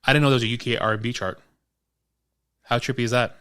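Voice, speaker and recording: A man co-hosts a casual podcast chat. His voice is bright, and he jokes his way through stories, acting out what people said. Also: medium pitch, fairly even intonation, fast talker, clean tone. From Queens, New York. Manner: joking, tells stories with quoted voices. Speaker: podcast co-host.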